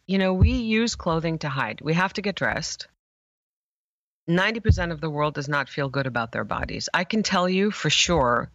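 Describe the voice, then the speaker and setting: Woman, image therapist guest, passionate, emphatic pauses, slightly muffled lo-fi sound, dry. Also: low-pitched, a bit bright, no echo. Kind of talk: emotional storytelling interview.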